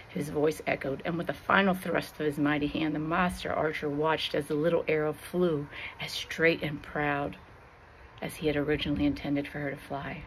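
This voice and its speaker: A woman reading a Christian allegory aloud in a slow, expressive and dramatic way. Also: low-pitched, slight background noise, poor audio. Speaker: storyteller.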